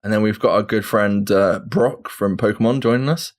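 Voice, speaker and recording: A man's voice: fairly low pitch, normal speed. A man co-hosting a gaming podcast, casual and teasing, laughing often. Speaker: podcast co-host. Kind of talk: casual banter.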